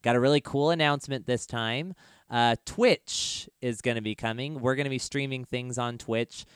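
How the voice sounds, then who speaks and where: A man's voice: medium pitch, smooth, no room sound, studio quality. A man hosting a tabletop game podcast, reading announcements in an upbeat, chatty way. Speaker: podcast host.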